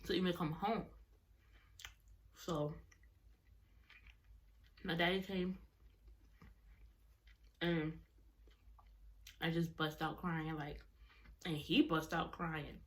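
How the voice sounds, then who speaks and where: A woman's voice: low-pitched, steady tone, extremely slow, pauses often, a bit bright. A young adult woman vlogger telling a personal story in casual, rambling talk, often correcting herself mid-sentence. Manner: rambling, self-correcting, colloquial.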